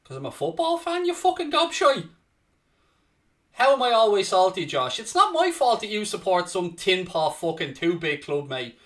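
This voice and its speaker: A man hosts a live football watchalong, swearing freely as he urges his side on and mocks rival fans. His voice is high and bright, with a sharp edge. The mic sits some way off. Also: normal speed, far from the mic. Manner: swearing, excitable, cheering on his team and winding up rivals. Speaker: host of a football fan watchalong. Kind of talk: live reactive match commentary, casual banter.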